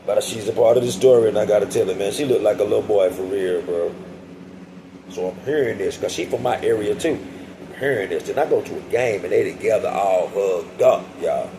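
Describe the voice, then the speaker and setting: Gravelly man telling a slangy story. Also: lowish voice, brisk, background noise. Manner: slangy, profane, keeps addressing listeners as y'all. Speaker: vlogger telling a prison story. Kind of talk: casual storytime.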